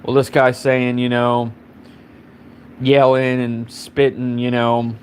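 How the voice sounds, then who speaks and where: A man talking at an ordinary mid-level pitch, telling a story in a loose, rambling way. He swears freely and keeps stacking up fillers as he goes. There is a faint hum of background ambience behind him. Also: completely flat delivery, slow. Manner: rambling and profane, heavy on fillers. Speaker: live streamer. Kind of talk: casual storytelling.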